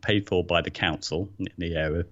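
Deep-voiced and from England, this podcast co-host is hesitant, tripping over and repeating words as he starts his sentences in casual talk. His tone stays steady at a slightly fast pace, on a somewhat dull, lo-fi recording.

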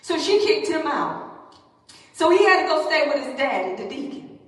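A woman preacher telling a story in her sermon, animated and calling out to the congregation. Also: high-pitched, moderate pace. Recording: echoey hall from far off.

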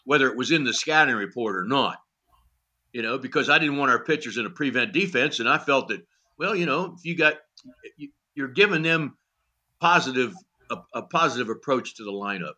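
Bright-voiced older man telling stories. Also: medium pitch, fairly quick. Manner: animated storyteller who acts out dialogue, with many "you know" fillers; blunt and salty. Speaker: former pitching coach, guest. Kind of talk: storytelling in a podcast interview.

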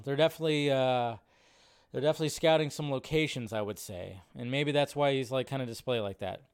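A man's voice: medium pitch, clean tone. A man hosting a casual live stream. He talks in a rambling way with lots of fillers and restarts. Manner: rambling, filler-heavy, chatty.

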